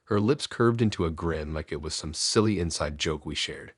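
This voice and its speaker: Very deep husky male horror narrator. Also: dry recording, clean studio sound. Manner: low, measured, ominous storytelling. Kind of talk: scripted first-person horror narration.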